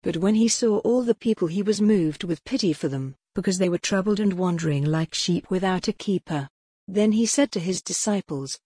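A woman reads scripture aloud at a measured, even pace. Her voice sits a little low and sounds mellow. The recording is dry, with no room sound. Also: slightly rough, dry recording. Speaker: scripture reader.

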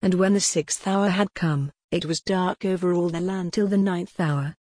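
A woman giving a measured, deliberate reading of scripture aloud. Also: on the low side, fairly even intonation, a little mellow, dry recording, studio quality.

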